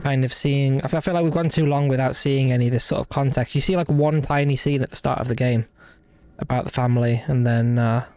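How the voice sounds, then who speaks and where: A young man with a light English Midlands accent rambles through casual let's-play commentary, hesitating and restarting often. His mid-range voice moves fast with fairly even intonation, and the tone is clear, resonant and a little mellow.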